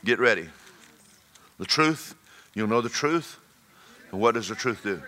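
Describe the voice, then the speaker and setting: A man preaching a sermon, folksy and joking, swinging between loud exhortation and quiet storytelling. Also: mid-range voice, lively intonation, unhurried.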